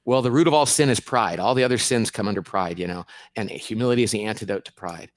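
A man answering interview questions as an author and consultant, lively and acting out quoted people. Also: lowish voice, fast, no echo. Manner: animated, acts out quoted people in raised voice.

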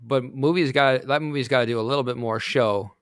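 A man hosts a casual podcast conversation, moving things along with a wry touch. His voice sits at an ordinary pitch. The sound is dry and close. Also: fairly even intonation, fast talker, no echo. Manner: steers the talk, wry. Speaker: podcast host. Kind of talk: casual chat.

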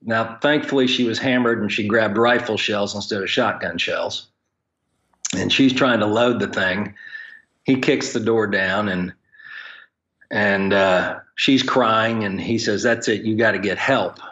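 Lowish-voiced guy on a podcast telling blunt funny stories, kinda muffled lo-fi sound. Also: unhurried, fairly bright tone. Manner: frank, joking storyteller with plain blunt wording. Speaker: guest, ministry leader for pastors. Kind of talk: conversational podcast storytelling.

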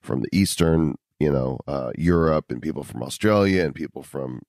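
A man's voice: rumbling low, normal speed, a little mellow, no room sound, studio quality. A man hosting a podcast in casual chat, joking and wordplaying while he reads sponsor lines. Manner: playful, punning, reads sponsor ads. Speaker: podcast host.

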